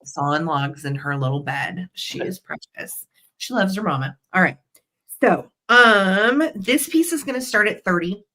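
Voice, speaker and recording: Slow-talking woman hosting a live sale. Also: medium pitch, expressive, pushed and bright. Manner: chatty, gushing over vintage pieces. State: coughing with allergies. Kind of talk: live auction selling chat.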